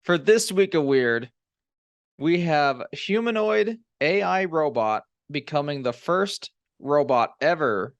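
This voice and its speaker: A podcast co-host reads a news item aloud during a casual comedy chat, adding joking asides and laughing often. His fairly high voice is animated yet slow, with no echo but a muffled recording.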